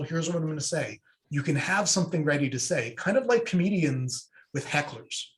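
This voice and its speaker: Chatty man leading an online workshop. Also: fairly high pitch. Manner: conversational, acts out quick sample dialogues. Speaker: webinar presenter. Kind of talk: casual online workshop talk.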